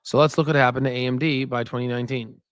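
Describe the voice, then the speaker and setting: A man's voice: medium pitch, steady tone, fast talker, clear, resonant tone, dry recording, studio quality. Chatty man hosting a stock livestream. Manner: rambling, chatty, reacts to viewer comments; repeats "right?" as a filler. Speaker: stock market channel host. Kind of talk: casual livestream commentary.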